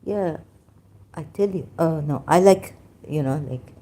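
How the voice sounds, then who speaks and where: A woman's voice: deep voice, a little slow, dark tone. A woman with a Persian accent, speaking in broken English, hosts a rambling religious commentary live stream and often halts and interrupts herself.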